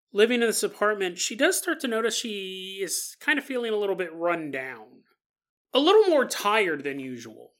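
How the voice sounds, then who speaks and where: A woman's voice: mid-range voice, fairly bright tone. A woman co-hosting a podcast, telling a story in a chatty way with joking asides. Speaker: podcast co-host. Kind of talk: casual storytelling.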